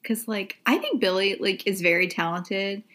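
A woman's voice: medium pitch, moderate pace, a bit bright. A young adult woman co-hosting a podcast, chatting casually with many "like" and "um" fillers. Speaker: podcast co-host.

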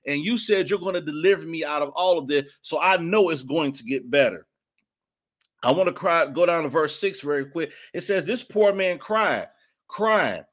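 A male preacher with a high voice delivers a fervent sermon in easy, colloquial speech. He moves between teaching and spoken prayer and lets out sudden soaring shouts of praise. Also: normal speed.

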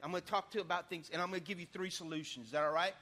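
A man preaching a sermon in church, lively and folksy, with sudden loud bursts and casual asides. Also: sits high, very fast. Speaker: pastor.

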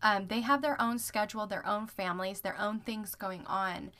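A woman's voice: medium pitch, steady tone, moderate pace, bright, forceful tone. A woman co-hosting in a casual chat, talking reassuringly with friendly backchannels. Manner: reassuring, frequent "yeah" backchannels.

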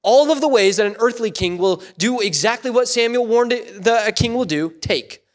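A man preaching a sermon in a church, animated and playful, acting out voices in quotes. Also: very high voice, moderate pace. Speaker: pastor.

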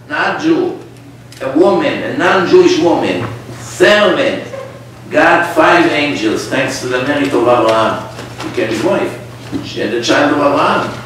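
A man with a fairly high voice preaching an animated story sermon and firing questions at his audience. He is heard from a distance in a very echoey room with faint background noise. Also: unhurried. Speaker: rabbi teaching a class.

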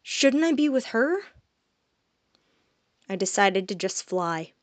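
A woman narrating a first-person fantasy story, soft-spoken and dropping quiet on reflective moments. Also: medium pitch, very animated, slow, no echo. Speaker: audiobook narrator.

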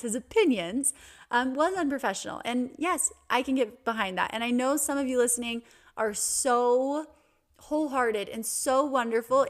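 A woman's voice: fairly high pitch, a bit bright. A young adult woman hosting a podcast, telling a personal story in an earnest, reflective way with small restarts. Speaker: podcast host.

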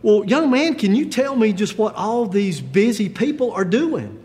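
A man's voice: on the high side, animated, brisk, darkish tone, lightly acted. A man voicing a puzzled adult caller who grows uneasy, asking questions in a raised, exasperated tone. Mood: perturbed.

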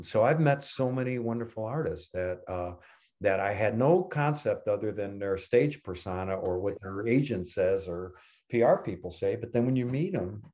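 A man's voice: fairly low pitch, warm tone. An older man co-hosting a podcast, telling long anecdotes in a casual, rambling way, full of restarts and quoted dialogue. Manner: rambling anecdotes with self-corrections. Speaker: podcast co-host. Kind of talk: casual storytelling.

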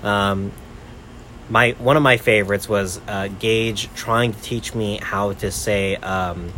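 A young man with a low voice, telling a travel story to his co-host. He rambles casually, filling every pause with "like" and "right?". A faint hum sits behind him. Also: steady tone, sharp tone. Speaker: podcast host.

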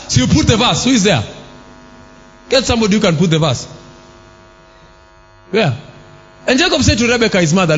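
A man preaching a sermon in church. He fires rhetorical questions at the congregation and breaks into shouts. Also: high-pitched, big pitch swings, moderate pace, pauses often, breathy edge. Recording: long hall reverb with faint music.

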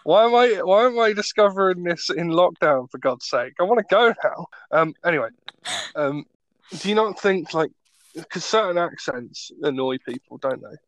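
A man's voice: sits high, lively intonation, moderate pace, a bit bright, no echo, poor audio. Rambling young man, podcast chat. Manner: rambling, jokey, lots of fillers. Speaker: podcast co-host. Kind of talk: casual chat.

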